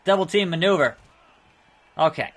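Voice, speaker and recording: Male let's play host, casual and reactive, slightly high pitch. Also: moderate pace. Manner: chatty, reacts loudly to the game. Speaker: gaming video host.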